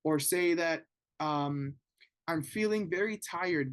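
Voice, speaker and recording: A man giving a conversational webinar talk to parents, often pausing to ask "right?" as a check-in. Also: on the high side. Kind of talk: informal educational talk.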